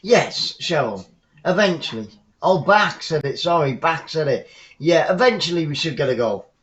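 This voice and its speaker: A man hosting a live fan stream from home, giving casual football commentary with chatty, rambling asides that turn excitable when the play heats up. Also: fairly high pitch, normal speed, muffled recording. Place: at home, watching the match remotely.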